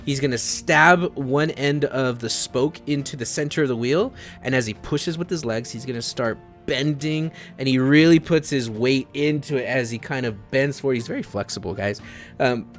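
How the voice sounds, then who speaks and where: Man, game master, tabletop narration, animated storyteller, mid pitch, faint music. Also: normal speed. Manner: animated storyteller, voices characters.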